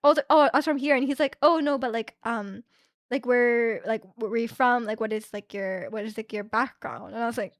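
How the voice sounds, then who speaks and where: Chatty young woman streamer, high voice. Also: steady tone, quick pace, few pauses, dry recording, studio quality. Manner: rambling, many fillers, acts out quoted people. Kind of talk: casual chat with live chat.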